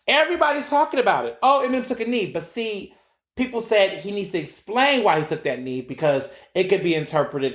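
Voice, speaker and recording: A man hosting his own podcast, giving casual, animated solo commentary with profanity and acted-out quotes. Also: a little high. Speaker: podcast host. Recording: roomy echo.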